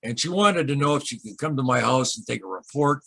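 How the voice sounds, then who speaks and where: A man recounting his own UFO encounter as an interview guest, in a halting, rambling way full of asides and restarts. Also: medium pitch, lively intonation, vocal fry, pushed and bright, breathy edge, dry recording. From Michigan, USA. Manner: rambling, halting, with many repeated starts and asides. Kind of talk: emotional storytelling in a casual interview.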